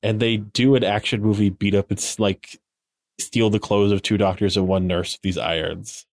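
Low-voiced man rambling through a recap. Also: level tone, moderate pace, no echo, studio quality. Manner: rambling, filler-heavy retelling. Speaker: podcast co-host. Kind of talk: casual episode recap.

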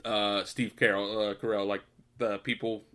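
A man's voice: lowish voice, level tone, moderate pace, fairly bright tone. A young man co-hosting a podcast, retelling film scenes in casual chat, laughing and swearing as he goes. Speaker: podcast co-host.

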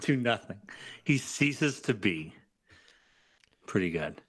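A man who is a guest on a podcast, chatting casually about horror movies with a measured, dryly humorous delivery. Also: lowish voice, expressive, a bit bright, husky. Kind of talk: casual movie review chat.

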